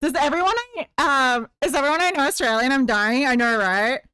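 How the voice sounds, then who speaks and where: Bubbly high-voiced woman streamer. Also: brisk, pushed and bright, clean tone, dry recording, clean studio sound. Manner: chatty and playful, reads chat aloud. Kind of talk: casual live-stream chat while crocheting.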